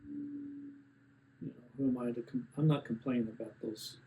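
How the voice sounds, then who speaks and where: A man's voice: mid-range voice, huge pitch swings, unhurried, warm tone, a little hiss or hum, rough recording. A man in his seventies rambling plainly through a casual gear review, with many fillers and restarts. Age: 70s.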